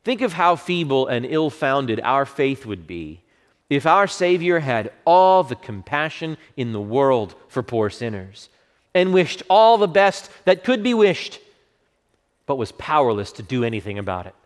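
A man preaching a sermon with fervent swells of emphasis and softer, hushed moments. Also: mid-range voice, sing-song, a little slow. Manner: fervent, rising to bursts then dropping to hushed quotes. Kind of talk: expository sermon. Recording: long reverb of a large hall.

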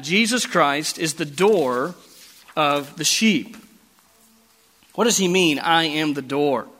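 A man preaching a sermon as pastor, with emphatic delivery that slows down on key phrases. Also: high-pitched, pushed and bright. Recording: long hall reverb.

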